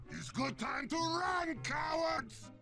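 A man voicing a shouting high-voiced male creature who taunts a crowd in a mocking, gravelly way, heard in a clip. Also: exaggerated voice. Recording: distant clip voice over loud music. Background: music.

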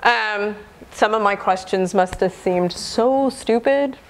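A middle-aged woman biologist giving an informal public lecture, chatty and animated, acting out the dialogue she quotes. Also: mid-range voice, takes it slowly.

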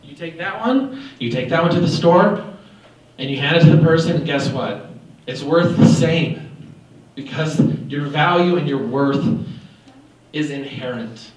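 A man giving a playful, animated motivational talk to high school students at an assembly. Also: a little slow. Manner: playful, animated, talks straight to the audience. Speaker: motivational speaker. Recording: echoey hall, voice from far off.

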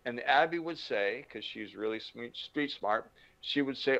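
An older man teaches with lively anecdotes and acts out the voices of people in his stories. His voice sits mid-range with a gravelly fry. The audio is dull and lo-fi. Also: mid-range voice, unhurried, hardly any pauses. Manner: animated storyteller, acts out quotes. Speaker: motivational speaker. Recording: dull lo-fi recording.

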